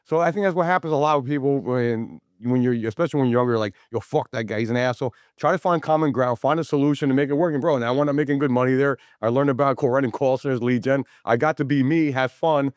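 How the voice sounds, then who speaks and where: A man hosting a casual podcast chat, telling stories in a hyped, profane, energetic way. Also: medium pitch, fast, few pauses, clean tone, no echo, studio quality. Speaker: podcast host.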